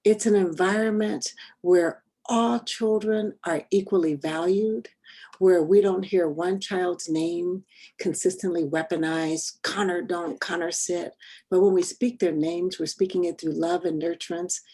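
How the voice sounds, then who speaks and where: A woman who is an early childhood education expert, explaining in a measured way on a radio panel. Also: on the low side, dark tone.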